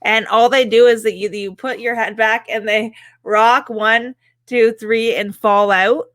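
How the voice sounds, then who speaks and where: Bright, dry-sounding woman telling stories. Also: on the high side, unhurried, dry recording. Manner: animated storytelling, laughs often. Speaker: podcast co-host. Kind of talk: casual chat.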